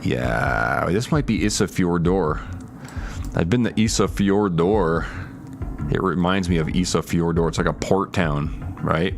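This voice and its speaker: Male streamer, deep register, loose rambling gameplay commentary with viewer replies. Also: unhurried, vocal fry, background noise. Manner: thinks aloud, hedging and restarting. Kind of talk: casual live-stream chat while gaming.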